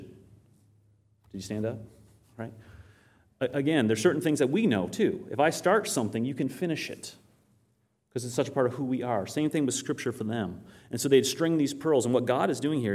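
A man preaching a Bible teaching, who asks his listeners questions and answers them himself, and reads scripture aloud. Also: mid-range voice. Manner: animated storytelling, quotes scripture aloud. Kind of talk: sermon.

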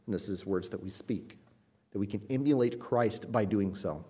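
A man's voice: fairly low pitch, moderate pace, mellow, breathy edge. A man preaching a sermon, explaining scripture in a conversational way and raising his voice when he reads passages aloud. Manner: emphatic, rising sharply when reading scripture aloud; conversational asides with light laughter.

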